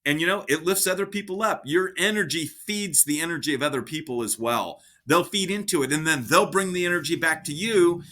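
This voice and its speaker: An energetic man co-hosting a relaxed advice talk, keeping his tone upbeat. His voice sits a little high and rings bright and forceful. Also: brisk, hardly any pauses. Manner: energetic, upbeat, gives lively examples. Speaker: podcast co-host. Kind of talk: casual advice chat.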